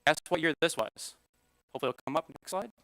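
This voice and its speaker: Bright, crisp-voiced man teaching a class. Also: a little high, fast, no echo, low-quality recording. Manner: conversational, frequent "all right?" and "okay?" checks. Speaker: Sunday school teacher. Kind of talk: church class lecture with slides. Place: church classroom.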